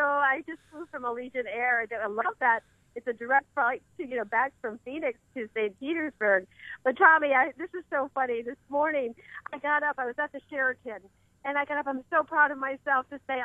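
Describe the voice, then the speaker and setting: A woman's voice: sits high, a little fast, no room sound. Chatty older woman on a tinny phone line. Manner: chatty, laughing storyteller. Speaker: co-host calling in. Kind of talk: casual phone chat.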